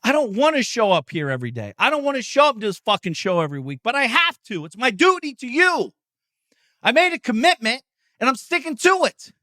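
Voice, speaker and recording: Middle-aged male podcast host, motivational rant, yells and swears, bright forceful voice, dry close sound. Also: extremely high pitch, big pitch swings, a little fast, dry recording. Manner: intense, profane, yelling. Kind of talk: motivational monologue.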